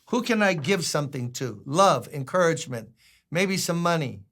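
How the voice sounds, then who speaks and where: A man's voice: a little high, animated, moderate pace, a bit bright. An older man preaching a sermon as a pastor, conversational and humorous, acting out quotes.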